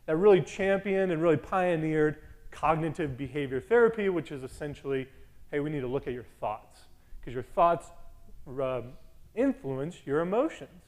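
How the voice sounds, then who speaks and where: A man preaching a sermon in a conversational, animated way, with storytelling and asides. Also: a little high, normal speed.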